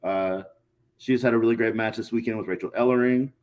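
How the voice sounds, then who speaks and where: A man, a guest on a casual podcast, telling stories in a profane, animated way and acting out quotes. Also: mid-range voice, a little fast, muffled recording. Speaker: guest, pro wrestler.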